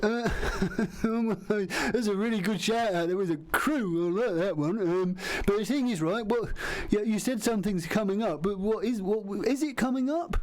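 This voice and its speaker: Man, high-pitched, hesitant rambling host of a comedy sketch. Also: normal speed. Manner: hesitant, rambling with many ums and restarts. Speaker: radio show co-host character.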